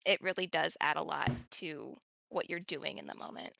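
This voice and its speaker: Casting: woman with a gravelly edge and bright tone, thoughtful, talks in long explanations. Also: sits low, normal speed, muffled recording. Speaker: panel guest. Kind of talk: casual livestream Q&A.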